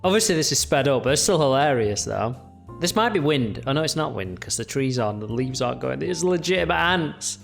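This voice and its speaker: A man's voice: mid-range voice, very animated, brisk, creaky, soft background music. A young man giving chatty, mocking reaction commentary on video clips. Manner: chatty, jokey, mocking asides.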